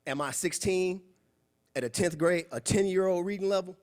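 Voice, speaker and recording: A young man giving a preachy, animated motivational talk at a club meeting, acting out quoted voices. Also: sits high, moderate pace. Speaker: guest speaker. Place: meeting room.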